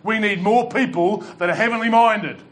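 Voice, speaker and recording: A man's voice: high voice, normal speed. A male pastor preaching a sermon to a congregation, fervent and exhorting, with dry humorous asides. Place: church hall with congregation.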